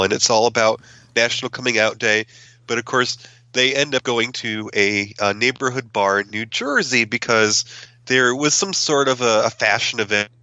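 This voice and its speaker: A man hosting a podcast in a relaxed casual chat, chuckling and searching for words. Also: mid-range voice, dry recording, lo-fi sound. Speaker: podcast host.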